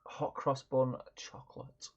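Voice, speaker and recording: A man's voice: unhurried, a crowd in the background. A man co-hosting a hobby stream, upbeat and jokey as he reads out viewers' names. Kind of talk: casual chat. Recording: slightly dull, lo-fi audio.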